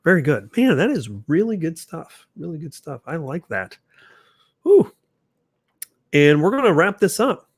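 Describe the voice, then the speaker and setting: A man's voice: a little high, big pitch swings, a little slow, pauses often, slightly rough, no echo. Chatty male livestream host, dry sound. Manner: casual, chatty, restarts sentences, reacts to comments. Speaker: channel host. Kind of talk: casual livestream chat reading viewer comments.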